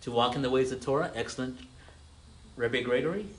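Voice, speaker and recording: A male pastor gives an interactive sermon, asking his congregation questions and echoing their replies back. His voice sits at an ordinary middle pitch, with frequent stammered restarts, and a faint hiss sits under the recording. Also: fast. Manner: calls on listeners, repeats their answers, frequent stammered restarts.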